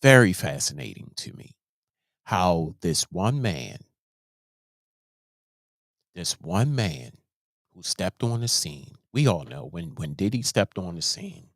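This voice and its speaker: A man's voice: low-pitched, big pitch swings, slow pace, pauses often, no room sound, studio quality. A man hosting a show, giving casual commentary in an emphatic way, often repeating and restarting his words. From Baltimore, USA. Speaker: host.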